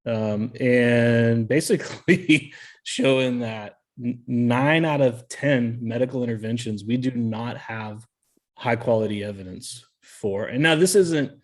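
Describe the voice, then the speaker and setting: A man's voice: medium pitch, takes it slowly. Chatty man co-hosting a podcast. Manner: chatty, laughs often, explains with many fillers. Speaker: podcast co-host. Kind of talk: casual podcast chat.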